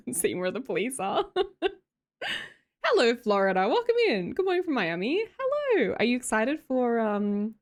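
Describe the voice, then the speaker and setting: A young Australian woman with an Australian accent chatting casually as a live streamer, giggly and self-mocking while she reads out viewer comments. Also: mid-range voice.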